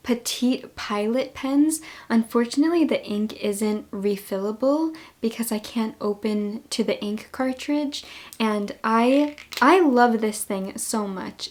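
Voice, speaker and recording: A woman's voice: on the high side, a little mellow. A young woman with a Long Island accent chatting casually in a haul vlog, gushing and laughing often. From New York. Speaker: book vlogger.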